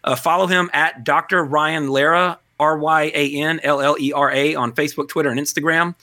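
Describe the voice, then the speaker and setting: A man's voice: a little high, steady tone, moderate pace, bright, forceful tone, dry recording, clean studio sound. A man hosting a podcast in casual, rambling chat, joking at his own expense. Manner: rambling, self-deprecating, joking. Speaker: podcast host.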